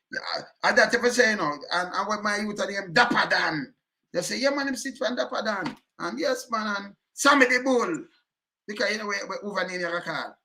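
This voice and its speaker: A man's voice: high-pitched, sharp tone. A Jamaican man giving heated, emphatic commentary in patois, repeating himself and cursing often.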